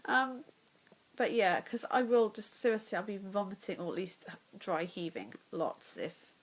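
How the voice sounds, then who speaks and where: A woman's voice: medium pitch, very animated, normal speed, rough recording. A woman in her thirties chatting to her phone camera at home, rambling with lots of fillers and restarts. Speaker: vlogger. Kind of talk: casual chat to camera. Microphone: phone or tablet camera.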